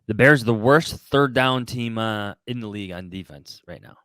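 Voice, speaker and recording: A man's voice: on the low side, normal speed, fairly bright tone, smooth, no echo. A man co-hosting a sports podcast, asking questions and chatting casually. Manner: conversational, poses questions. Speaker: podcast co-host.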